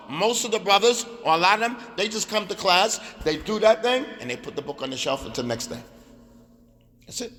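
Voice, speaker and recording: A man teaches an Arabic class in a mosque hall, emphatic and repetitive as he drills phrases aloud. His high voice is animated, brisk, bright and forceful, with long hall reverb around it.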